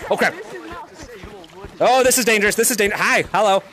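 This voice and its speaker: A man live-streaming a VR game, shouting greetings and cheering his players on with lots of laughter, into a headset mic. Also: high-pitched, measured pace. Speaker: gaming streamer. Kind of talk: excited live-stream chat while playing.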